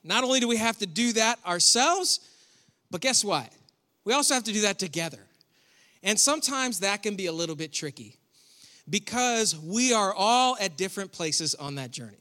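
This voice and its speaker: A man's voice: sits high, animated, normal speed, sharp tone, long reverb tail. A man preaching a sermon as pastor in a church, conversational and joking, with sarcastic asides. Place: church hall.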